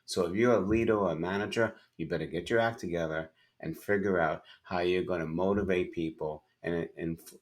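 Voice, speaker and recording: A middle-aged man with a fairly low voice gives advice as an interview guest. He talks emphatically and slips into acted-out dialogue when he tells a story. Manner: emphatic, acts out dialogue in anecdotes. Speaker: podcast guest, sales and leadership speaker.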